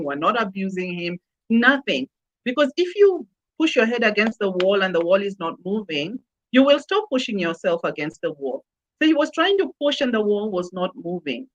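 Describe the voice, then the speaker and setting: A woman's voice: mid-range voice, lo-fi sound. A woman guest in a conversational interview, speaking emphatically and repeating phrases for effect. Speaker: customer experience consultant, guest.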